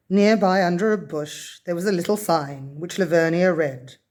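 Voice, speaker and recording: A woman reading a children's story aloud in a gentle, even storybook manner. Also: fairly low pitch, moderate pace, hardly any pauses.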